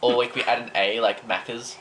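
A man's voice: mid-range voice, fairly even intonation, brisk, fairly bright tone, a little hiss or hum, rough recording. A young man with an Australian accent chatting casually and joking with a friend. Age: young adult. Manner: laid-back, joking, trailing off. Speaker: vlogger. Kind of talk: casual chat.

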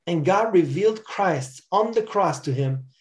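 A man's voice: high voice, animated, a little slow. Preacher guy reading a story out in church, earnest, trips over words now and then. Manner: reads a story aloud, earnest, with small stumbles. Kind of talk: sermon storytelling.

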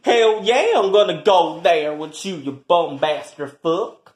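A performer in an improvised comic quarrel, trash-talking and taunting with heavy swearing and swinging between loud jeers and low mutters. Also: a little slow, echoey room. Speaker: comedy skit performer.

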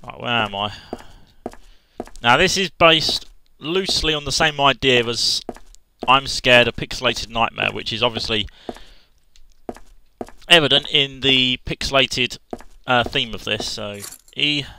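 A man giving casual commentary over a horror game, chatting, thinking aloud and reading the game's prompts out loud. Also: medium pitch, measured pace, creaky, a little hiss or hum, rough recording. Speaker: let's play gamer. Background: game music.

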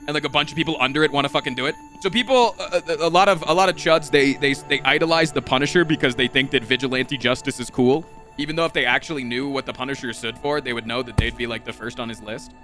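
A young man streaming a game live, talking to his chat in an excitable, profane, rambling way. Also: mid-range voice, quick pace, hardly any pauses, soft background music. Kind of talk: casual live-stream commentary.

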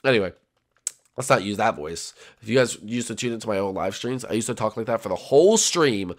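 A young man with a gravelly edge narrates his Minecraft game, his pitch swinging wide as he jokes around. He talks to his viewers casually and often breaks into high-pitched yelling or silly improvised songs. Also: animated, quick pace. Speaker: gaming YouTuber. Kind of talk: Minecraft gameplay commentary.

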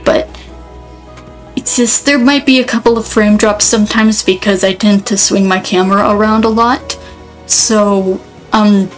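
A woman's voice: medium pitch, steady tone, unhurried, faint music behind, low-quality recording. A woman giving casual gameplay commentary, rambling and thinking aloud, often cutting herself off mid-sentence. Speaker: let's player.

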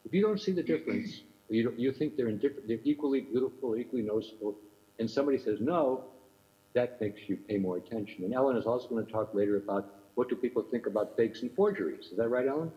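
A man's voice: mid-range voice, quick pace. Older man lecturing, muffled lo-fi sound. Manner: thoughtful, repeats rhetorical questions. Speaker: keynote speaker. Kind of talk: academic lecture. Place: remote talk from another time zone. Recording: muffled lo-fi recording.

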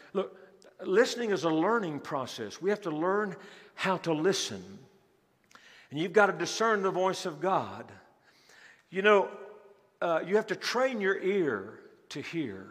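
A male pastor preaching in an animated, emphatic manner with a fairly high voice. His sermon rings through a large church, and the long reverb trails after each phrase. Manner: animated, emphatic, acts out scripture scenes. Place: church sanctuary.

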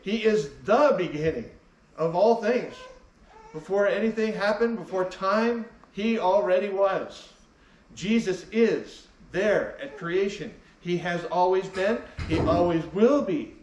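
A man's voice: high-pitched, slow, darkish tone, recorded from a distance, a little hiss or hum. Man preaching a sermon in an echoey church. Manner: emphatic, repeats key phrases. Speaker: pastor. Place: church sanctuary.

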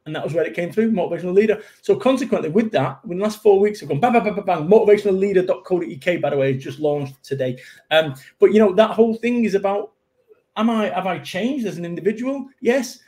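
A middle-aged motivational speaker from England with a Mancunian accent talks fast in a high, mellow voice. In a casual interview chat, he tells punchy, self-mocking stories.

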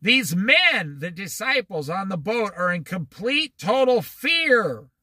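A man leads a relaxed Bible study, reading scripture and unpacking it as if talking with friends. His voice sits high and swoops widely, and he takes his time. The sound is dry and close. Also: takes it slowly, dry recording. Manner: conversational, reads verses then explains them, acts out quotes. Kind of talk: informal Bible study commentary. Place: on the Oregon coast.

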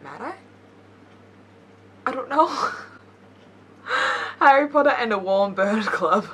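A woman's voice: a little high, animated, takes it slowly, a bit bright, breathy edge. A young woman YouTuber reading memes aloud with playful commentary, giggling often and teasing herself. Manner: giggly, laughs between lines; playful, self-mocking asides.

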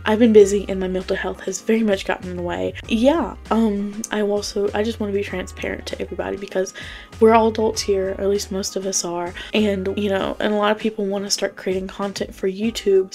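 Give me a chatty young Southern woman doing a casual review, rambling and laughing, with quiet music underneath. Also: medium pitch. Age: young adult. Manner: rambling, chatty, laughs often, slang-heavy. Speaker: YouTuber reviewing game items. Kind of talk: casual commentary. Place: home at night.

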